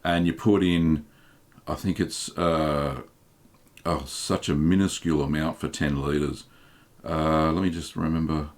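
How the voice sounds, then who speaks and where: An Australian man hosting a live stream, reading viewer chat aloud and answering questions in a relaxed, chatty way with many ums. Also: extremely low pitch, a little slow. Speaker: host.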